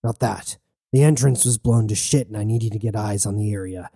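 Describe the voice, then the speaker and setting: A man reads a ruthless male mercenary commander in a very dark, mellow voice. He barks curt, profane orders. The sound is dry and close. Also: lowish voice, fairly quick, vocal fry, breathy edge, no echo. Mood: gruff.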